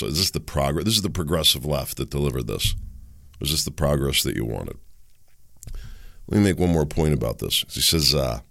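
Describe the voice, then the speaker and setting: Deep gravelly guy ranting solo on his show, sarcastic, voice swings up and down a lot. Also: sharp tone, dry recording. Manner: fires off rhetorical questions, sarcastic. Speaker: podcast host. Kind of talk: political commentary monologue.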